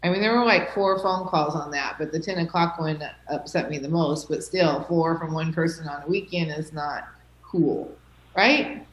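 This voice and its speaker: A woman's voice: sits low, moderate pace, slight background noise. Reassuring woman teacher, roomy echo. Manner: reassuring, checks in with "okay?" and "right?". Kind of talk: classroom talk.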